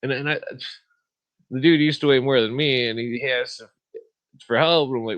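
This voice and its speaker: A man's voice: mid-range voice, steady tone, normal speed, long pauses, muffled recording. Profane rambling man, podcast host. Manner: profane, meandering, laughs at own stories. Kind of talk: rambling casual monologue.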